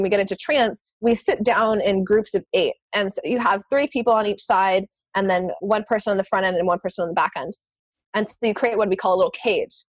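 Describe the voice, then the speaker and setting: A woman telling a personal story in casual conversation, animated, laughing often and swearing casually. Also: medium pitch, no room sound.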